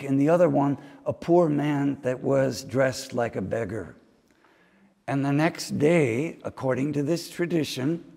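A man's voice: mid-range voice, vocal fry, a little mellow, husky, big-room sound. A man preaching a homily, telling stories and slipping into mimicked voices now and then. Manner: storytelling preaching with mimicked asides. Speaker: priest. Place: chapel.

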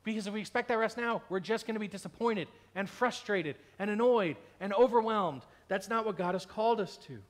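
A man preaches from the pulpit in a slightly higher-than-usual voice, pressing his points with emphasis. He slips into little acted-out complaints to make his case. He sounds a bit tired and under the weather. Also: brisk, hardly any pauses. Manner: emphatic, acts out imagined complaints. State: unwell, tired with stomach ache. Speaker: pastor. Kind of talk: sermon.

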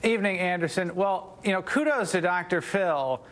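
A man's voice: high-pitched, normal speed, fairly bright tone, slight background noise. A man, a news site editor, answering interview questions with hedges and restarts. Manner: hedging, many restarts and "you know".

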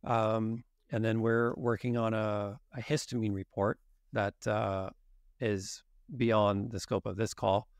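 A man's voice: on the low side, level tone, takes it slowly, no echo, studio quality. A man as a guest expert on a podcast interview, explaining in detail and acting out exchanges with patients. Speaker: guest expert on genetics and nutrition.

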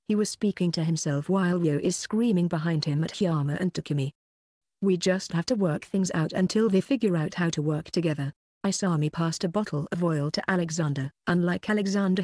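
An audiobook narrator reading a web novel in an even, unhurried way. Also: mid-range voice, no room sound, studio quality.

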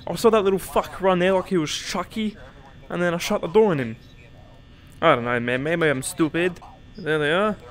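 Fields: Sex: man. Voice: high, slightly cracky. Style: excitable gameplay commentary. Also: moderate pace. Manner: jokey, swears and yelps when startled. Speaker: streamer.

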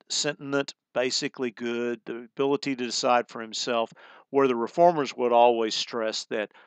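A man's voice: mid-range voice, clean tone, no echo. A middle-aged man giving a recorded college humanities lecture in a conversational way, explaining terms as he goes and often restarting his phrases.

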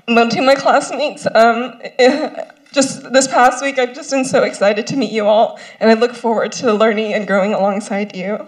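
A young woman in her twenties, a medical student giving a tearful, laughing ceremony speech with many pauses. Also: fairly high pitch, steady tone. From born in South Korea, raised in the US. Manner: tearful, laughing through tears, many ums. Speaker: first-year medical student. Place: ceremony stage.

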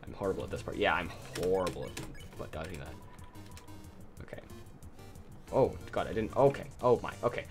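Man, gameplay commentator, middle pitch, rambling self-deprecating chatter, faint game music behind. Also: lively intonation, fairly quick, a bit bright. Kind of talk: casual let's-play commentary.

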